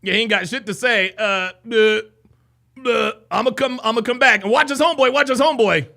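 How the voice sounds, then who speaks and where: A man hosting a live stream, reacting excitedly to a clip with laughter, shouting and lots of repetition. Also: extremely high pitch, brisk, creaky.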